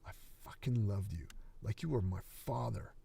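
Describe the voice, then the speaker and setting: A man reading the lines of a frightened young female boxer, who talks haltingly and stammers. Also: fairly low pitch, creaky, warm tone, husky, exaggerated voice. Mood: bitter.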